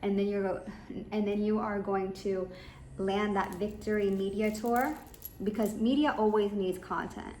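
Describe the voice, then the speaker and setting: A woman's voice: medium pitch, fairly even intonation, a little slow, a little mellow. A woman giving rambling, emphatic business advice straight to her listeners. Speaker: business coach. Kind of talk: advice monologue. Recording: echoey room with faint ambient noise.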